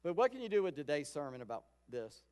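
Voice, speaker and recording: A pastor giving a sermon in a conversational storytelling way, acting out quoted lines. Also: male voice, on the high side, big pitch swings, fast talker, darkish tone, clear, resonant tone. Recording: long hall reverb.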